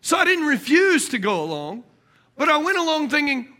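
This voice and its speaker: A man with a very high-pitched voice, speaking at normal speed, preaches a sermon while telling a funny story. Animated and jokey, he calls out to the congregation.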